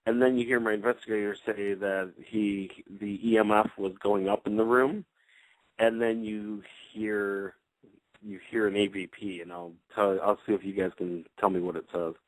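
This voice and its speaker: A man's voice: fairly low pitch, fairly even intonation, moderate pace, no room sound, low-quality recording. A man, a paranormal investigator, casually recounting an experience on a talk show, rambling with many fillers and restarts. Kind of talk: casual anecdote telling.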